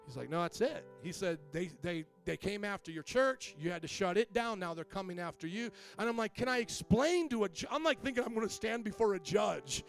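A man's voice: high-pitched, fairly quick, gravelly, few pauses, faint music behind. A man preaching as a pastor, telling a personal story and acting out what others said in changing voices. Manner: animated, acts out quotes with shifting voice. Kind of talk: sermon storytelling.

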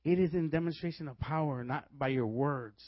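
A man preaching a sermon, telling stories in a lively way and laughing often as he goes. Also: a little high, brisk, no room sound, lo-fi sound. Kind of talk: sermon with storytelling.

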